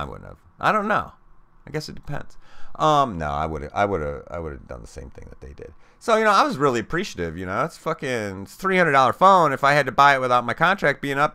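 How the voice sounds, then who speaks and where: A young man spins a crude, comic story from his own life, swearing freely and jumping into the voices of everyone involved. His voice is bright and crisp. The sound is close and dry. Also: on the low side, no room sound. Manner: profane, animated, acts out other people's voices. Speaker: podcast host telling a story.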